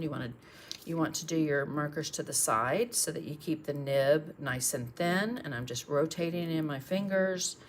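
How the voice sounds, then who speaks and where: A woman's voice: deep voice, a little hiss or hum. A woman art instructor chatting through a live painting tutorial, thinking aloud as she works and thanking viewers for their comments.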